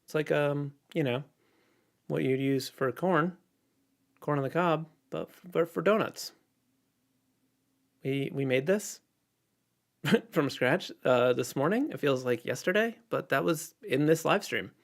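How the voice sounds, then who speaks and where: Relaxed rambling man on a livestream. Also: on the high side, measured pace, gravelly, pauses often. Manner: relaxed and rambling, many fillers and restarts. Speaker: illustrator livestreaming. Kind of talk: casual livestream chat answering viewer questions.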